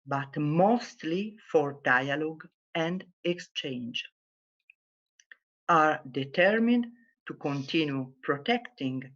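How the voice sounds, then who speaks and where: A woman from Italy closing a formal conference talk over a video call, speaking slowly and with emphasis. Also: sits low. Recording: dull lo-fi video call audio.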